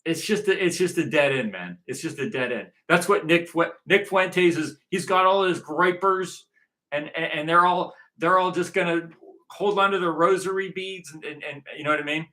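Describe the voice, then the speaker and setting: A man's voice: fairly high pitch, moderate pace, bright, forceful tone. A man from Southern California giving a rambling, repetitive recruitment monologue, circling back to the same points. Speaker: movement organizer.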